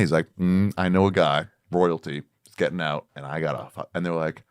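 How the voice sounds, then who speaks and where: A man with a fairly low voice talks as a guest comedian in a podcast chat. He tells stories with energy, slipping into other people's voices and cursing freely. The sound is dry and close. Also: fairly quick, clear, resonant tone, dry recording. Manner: animated storytelling, acts out others in voices, swears freely.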